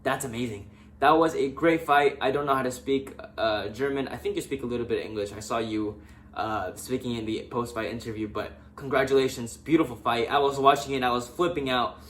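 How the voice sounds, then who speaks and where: A young man casually recapping MMA fights, excitable and talking straight to the fighters. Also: medium pitch, brisk. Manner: excitable, talks directly to fighters. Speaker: MMA fan vlogger.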